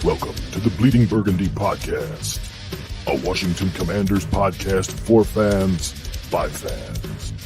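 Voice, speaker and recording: A man's voice: low voice, animated, unhurried, creaky, over music. A man voicing a podcast's intro as an announcer. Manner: announcer delivery. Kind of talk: show intro voice-over.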